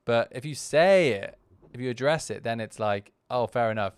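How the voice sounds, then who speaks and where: A man's voice: mid-range voice, expressive, moderate pace, clean tone, dry recording, studio quality. A man hosting a podcast, giving casual, candid commentary on his own video in a rambling way full of restarts. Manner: candid and self-deprecating. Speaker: podcast host.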